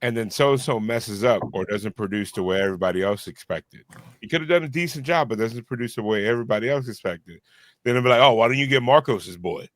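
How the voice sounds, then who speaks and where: A man's voice: on the low side, quick pace, no room sound, clean studio sound. A man co-hosting a podcast, talking loosely in casual chat, full of "like" and "you know what I mean". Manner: loose, filler-heavy storytelling with lots of "like". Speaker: podcast co-host.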